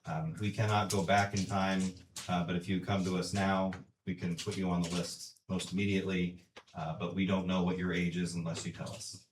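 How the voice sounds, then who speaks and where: Man, very deep voice, monotone, matter-of-fact, roomy echo, far from the mic. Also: normal speed, noisy background. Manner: matter-of-fact, dry, many uhs. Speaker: city management official. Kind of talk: answering public questions at a council meeting. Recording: roomy, distant council chamber mic.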